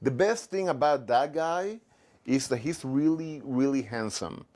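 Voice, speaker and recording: A man's voice: mid-range voice, expressive, a little mellow. A man talking about his life as a comedian, then doing a stand-up set, with frequent restarts and fillers. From Latino background. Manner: halting, many restarts and fillers. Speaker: comedian guest. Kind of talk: casual chat and stand-up set.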